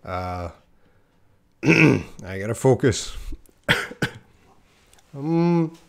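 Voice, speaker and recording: A man's voice: mid-range voice, very animated, extremely slow, creaky, a bit bright. A man giving a casual live-stream lesson, chatting to viewers by name and laughing at his own slips. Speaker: English teacher.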